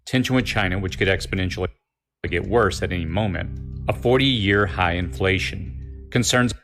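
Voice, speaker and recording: A man reading a scripted video narration in a grave, measured way. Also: low-pitched, a bit bright. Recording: music under the voice.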